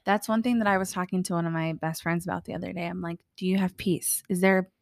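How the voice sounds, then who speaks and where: A woman's voice: on the low side, steady tone, fast, no room sound, studio quality. A woman co-hosting a podcast, chatting casually and often agreeing. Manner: agreeable, frequent affirmations. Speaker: podcast co-host. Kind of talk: casual chat.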